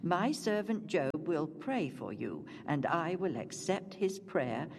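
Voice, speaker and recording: Woman narrator doing a stern, solemn God; low, unhurried, with music. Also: sing-song, vocal fry, darkish tone, breathy edge, long reverb tail, exaggerated voice. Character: God, stern and loving divine voice.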